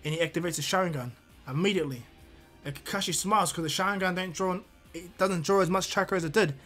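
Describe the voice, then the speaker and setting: A man's voice: high-pitched, quick pace, fairly bright tone, faint music behind. A man improvising a fan fiction story aloud, rambling with many fillers and restarts.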